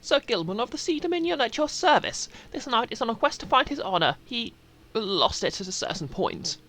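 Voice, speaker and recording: A man voicing a pompous, high-voiced male knight. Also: sing-song, fairly quick, bright, forceful tone, exaggerated voice.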